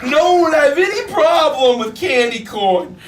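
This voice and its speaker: A man playing a comedic tabletop game, excitable and ranting with laughter. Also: extremely high pitch, moderate pace, echoey room, distant mic, background noise. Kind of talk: comedic in-character role-play.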